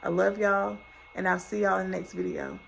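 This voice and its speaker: A woman's voice: medium pitch, huge pitch swings, normal speed, creaky, fairly bright tone, slight background noise, rough recording. A woman in her thirties giving an encouraging faith-based pep talk, repeating her points in a preacher-like cadence. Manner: exhorting, repetitive, preacher-like cadence. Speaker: faith and motivation vlogger.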